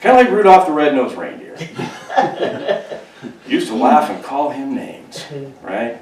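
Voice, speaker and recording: A man from California, a pastor, preaching a humorous, conversational sermon with animated storytelling. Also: medium pitch, takes it slowly. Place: church sanctuary. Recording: echoey church room, distant mic, faint hiss.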